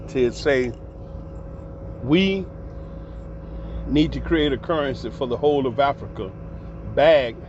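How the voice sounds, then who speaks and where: In a ranting vlog, a man with a medium-pitched voice delivers passionate, profane, heated commentary. The recording is slightly dull and lo-fi, with background noise.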